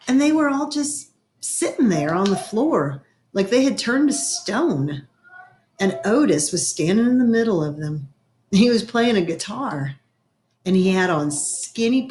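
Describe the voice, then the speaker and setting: A woman reading a children's novel aloud in a gentle storytelling manner, slowing down for effect. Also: mid-range voice. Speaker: reader. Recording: echoey room.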